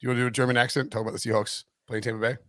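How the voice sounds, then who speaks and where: A man's voice: medium pitch, flat delivery, very fast, a bit bright, no echo, clean studio sound. A man co-hosting a casual football betting podcast, rambling and joking with many restarts and fillers. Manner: rambling, lots of restarts and "like", jokey. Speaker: podcast co-host, NFL betting analyst. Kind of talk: casual sports betting chat.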